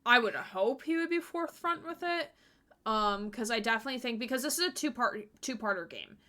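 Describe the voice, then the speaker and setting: A woman's voice: a little high, expressive, brisk, bright, forceful tone. A woman streamer giving casual, chatty let's-play commentary, giggly and full of fillers.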